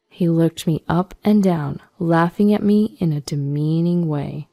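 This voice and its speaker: A woman reading a first-person story as a scripted narration, steady and measured. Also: fairly low pitch.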